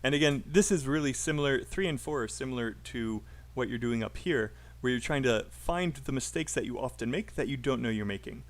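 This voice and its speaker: A man's voice: medium pitch, fairly quick, few pauses. A man teaching English pronunciation on a live stream, chatty and encouraging, calling out names from the chat.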